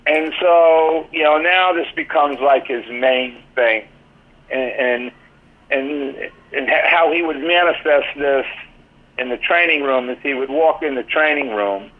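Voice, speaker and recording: A man's voice: on the high side, measured pace. An older man, a guest in a casual interview, telling rambling anecdotes full of "you know". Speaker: interview guest, former team athletic trainer and author. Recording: tinny phone-line call.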